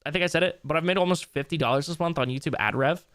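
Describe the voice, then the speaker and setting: A man's voice: a little high, very fast, fairly bright tone, clean tone, no echo. A young man streaming late into a long session, rambling casually in a loose, tired way and swearing now and then. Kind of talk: casual live-stream commentary.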